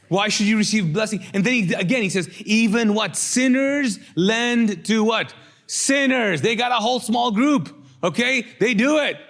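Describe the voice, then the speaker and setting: A middle-aged male pastor preaching a lively sermon, asking the congregation to call out answers. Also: high voice. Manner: lively, rhetorical, drawing call-and-response from the congregation.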